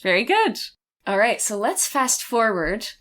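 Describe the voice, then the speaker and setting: A woman narrating and running a tabletop role-playing game in a relaxed, chatty way. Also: fairly high pitch, a little slow. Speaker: game master.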